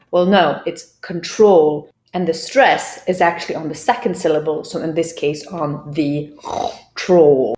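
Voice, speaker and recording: A woman teaching English pronunciation, explaining clearly and drilling words by repeating them. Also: fairly low pitch, a little mellow. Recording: roomy echo.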